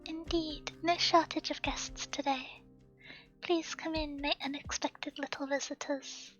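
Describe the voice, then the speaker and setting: A woman reading aloud and voicing a composed, ominous adult woman who speaks with quiet, soft courtesy. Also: high voice, steady tone, measured pace, dull audio, faint music behind. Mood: politely ominous.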